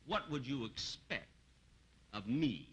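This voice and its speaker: An older man hosting a 1950s TV variety show on stage, joking in a dry, deadpan, self-mocking way. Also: mid-range voice, slow pace. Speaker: TV comedy show host. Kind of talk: 1950s TV variety comedy banter. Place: TV studio stage before a live audience. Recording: noisy 1950s TV broadcast recording.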